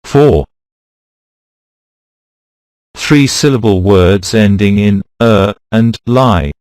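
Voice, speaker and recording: Slow, low-voiced male teacher, dry and close. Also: a little mellow, smooth, dry recording. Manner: slow, deliberate, reads words out one by one. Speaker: pronunciation teacher. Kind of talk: scripted instructional narration.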